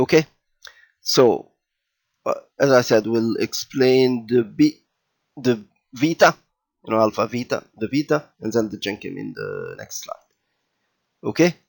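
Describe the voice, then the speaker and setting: A man teaching children to read an old alphabet, talking them through slide after slide. His pace is slow and unhurried, and his pitch sits at a middling level. He keeps checking in with the learners and circles back to repeat himself. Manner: patient, repeats and checks in with "okay?" and "all right?"; slow and deliberate, with fillers and restarts. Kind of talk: children's language lesson over slides.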